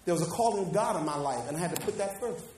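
A pastor preaching a sermon, building to shouts and calling the congregation to read along. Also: male voice, sits high, lively intonation, rapid-fire, slight background noise. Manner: preaching with rising shouts and call-and-response. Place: church. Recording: echoey church hall from far off.

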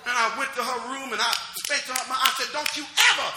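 Middle-aged male pastor, chatty sermon style with call-outs; high, bright voice in a roomy hall. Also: level tone, a little fast, heavy background noise. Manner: conversational preaching with call-outs to the congregation.

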